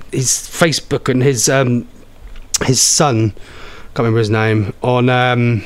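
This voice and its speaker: A man's voice: mid-range voice, no room sound. A man hosting a radio phone-in, chatting casually and rambling with lots of ums. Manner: chatty, rambling, says um often. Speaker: radio show host.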